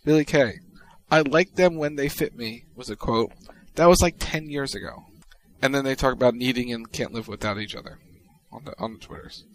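A man co-hosting a podcast, reading out tweets in casual chat with a wry, deadpan delivery. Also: medium pitch, moderate pace, rough recording. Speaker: podcast co-host.

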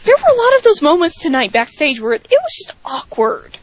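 A woman's voice: very high voice, wildly swooping pitch, brisk, no room sound. A woman co-hosting a podcast, chatting casually with lots of fillers and wry asides. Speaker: podcast co-host. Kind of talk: casual chat. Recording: dry, slightly dull lo-fi sound.

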